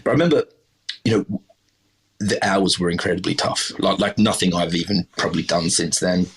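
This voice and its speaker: Australian chef, middle-aged man, deep slightly husky voice, loose rambling anecdotes. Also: fairly quick, fairly bright tone. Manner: rambling, many fillers and restarts, self-deprecating. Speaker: chef, podcast guest. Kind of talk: casual interview storytelling.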